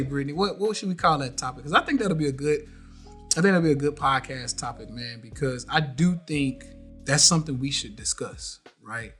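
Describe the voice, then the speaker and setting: Animated man hosting a podcast. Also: medium pitch. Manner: animated, preachy, repeats phrases. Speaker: podcast host. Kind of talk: casual live podcast talk.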